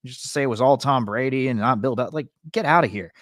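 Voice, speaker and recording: A man's voice: mid-range voice, quick pace, a bit bright, no room sound, studio quality. A man co-hosting a sports podcast, ranting in casual chat with lots of fillers. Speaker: podcast co-host.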